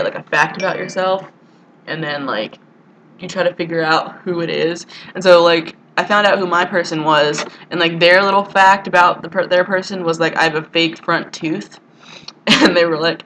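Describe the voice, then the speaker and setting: A woman's voice: sits low, a bit bright, slight background noise, low-quality recording. Rambling crude young woman vlogging. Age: young adult. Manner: rambling, crude and self-mocking, full of "like" and "you know". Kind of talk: casual vlog monologue. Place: college dorm room.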